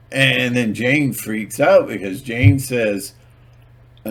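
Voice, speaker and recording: Slow-talking guy rambling through stories, lots of uhs, acts out little skits. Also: mid-range voice. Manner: rambling and hesitant, acting out little skits in different voices. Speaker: channel host. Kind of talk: casual storytelling monologue.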